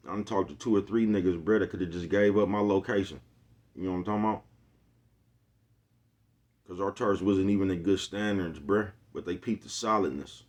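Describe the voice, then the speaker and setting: A middle-aged man with a low, deep voice talks straight to his viewers. His delivery is laid-back and full of street slang. He keeps throwing in asides to his listeners as he goes. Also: a little mellow. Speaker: vlogger. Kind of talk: casual monologue to viewers.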